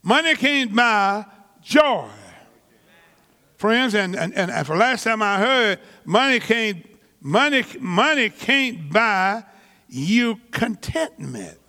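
A man preaching a sermon slowly and emphatically, stretching key words and repeating phrases, with casual everyday grammar. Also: high voice, sing-song, bright, forceful tone, in a large hall. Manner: slow, emphatic preaching with drawn-out words and repetitions; colloquial vernacular grammar. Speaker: pastor.

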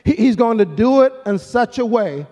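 Pastor: man, very high voice, rhythmic preaching cadence, long hall reverb. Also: animated, normal speed, mellow. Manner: rhythmic preaching cadence with call-and-response phrases. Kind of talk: sermon.

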